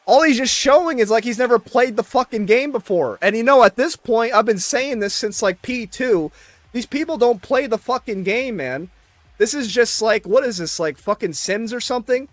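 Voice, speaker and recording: A man's voice: very high-pitched, moderate pace, no room sound. A man ranting in casual chat, exasperated and swearing constantly.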